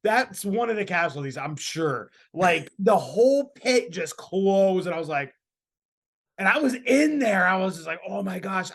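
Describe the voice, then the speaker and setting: Laughing and animated, a man in his thirties who hosts a podcast spins a story in relaxed conversation, speaking in a high-pitched voice.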